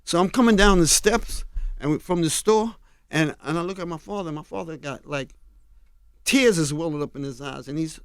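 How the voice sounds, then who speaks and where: An older man tells stories at an unhurried pace, often sinking into a low, confiding tone. His voice sits a little high for a man. It is recorded close and dry in a radio studio. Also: smooth, no room sound. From Harlem, New York. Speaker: guest, fashion designer. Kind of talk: storytelling in a radio interview. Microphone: studio mic.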